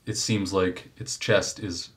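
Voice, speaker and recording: A man narrating a tabletop game as game master, unhurried and thinking aloud with fillers. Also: deep voice, level tone.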